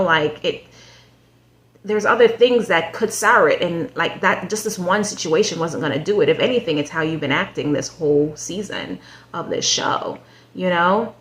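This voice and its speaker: A woman's voice: fairly low pitch, normal speed, fairly bright tone. A woman in a casual, chatty show recap who rambles with lots of "um", "like" and "you know", giving her opinions and speaking straight to the people she discusses.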